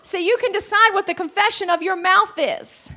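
High-voiced woman preaching. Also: moderate pace. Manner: rising to shouted fervor, calls of hallelujah. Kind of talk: sermon.

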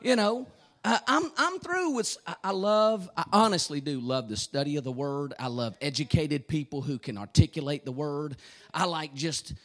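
A man preaching a fervent sermon, repeating phrases and breaking into shouts. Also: a little high, moderate pace.

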